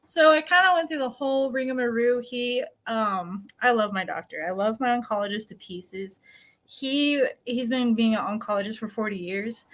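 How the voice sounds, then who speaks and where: Speaking at normal speed in a fairly high-pitched voice, a dirt bike rider from New Mexico, USA, shares her story on a podcast. The middle-aged American guest is casual and upbeat and laughs a lot.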